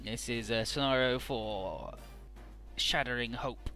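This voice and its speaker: Very bright-voiced profane gamer. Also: male voice, medium pitch, takes it slowly, faint music behind. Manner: profane, offhand. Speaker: let's play host. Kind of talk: casual game commentary.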